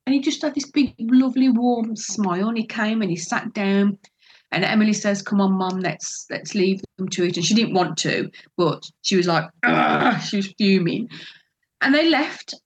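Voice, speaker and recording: A woman's voice: mid-range voice, moderate pace, husky. A middle-aged woman telling an emotional personal story in an interview, acting out what others said and laughing often. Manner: animated, acts out quoted voices, laughs often. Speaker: interview guest telling her adoption story.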